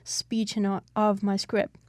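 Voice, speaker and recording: A woman's voice: medium pitch, completely flat delivery, a little slow, no echo. A woman hosting an interview, sharing her own experience in an enthusiastic, chatty way. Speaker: host. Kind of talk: interview conversation.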